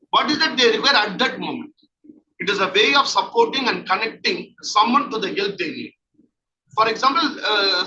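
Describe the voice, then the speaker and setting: High-voiced man lecturing. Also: pushed and bright. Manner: explanatory, repeats key points. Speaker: counselling trainer. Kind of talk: online training lecture. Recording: distant dull lo-fi mic with faint noise.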